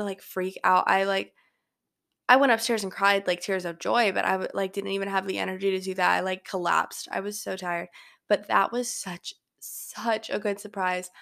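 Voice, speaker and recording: Young woman chattering with a gravelly fry. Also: mid-range voice, a bit bright. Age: young adult. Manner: rambling, filler-heavy chatter. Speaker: podcast host. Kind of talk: casual solo podcast chat. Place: her bedroom at home. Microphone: home microphone.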